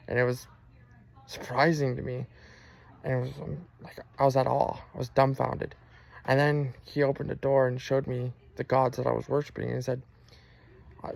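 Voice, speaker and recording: Gravelly man telling a personal testimony. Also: medium pitch, darkish tone. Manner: earnest, halting, with frequent fillers and restarts. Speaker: person sharing a religious testimony.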